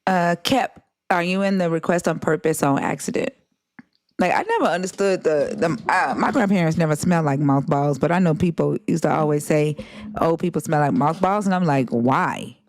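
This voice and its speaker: A woman's voice: sits low, brisk, darkish tone, dry recording. A woman and mother chatting casually on a live stream, telling laid-back funny stories about her kids. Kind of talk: casual chat.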